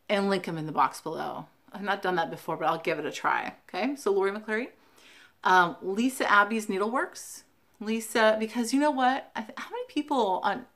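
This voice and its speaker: A woman from the West Coast of the United States, speaking at a medium pitch with a slightly bright tone, chats casually in a show-and-tell Flosstube vlog. She spells names out letter by letter and says "um" frequently.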